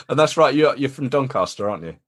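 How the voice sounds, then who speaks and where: A man's voice: mid-range voice, expressive, a little fast, a bit bright, husky. A man hosting a podcast, asking friendly, encouraging questions of his guest. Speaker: podcast host. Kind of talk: podcast interview.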